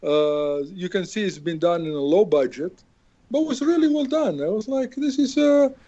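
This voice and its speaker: A man's voice: high-pitched, moderate pace, dark tone, muffled recording. A man with an Italian accent, a film director joking through a casual podcast interview with many fillers. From Italy.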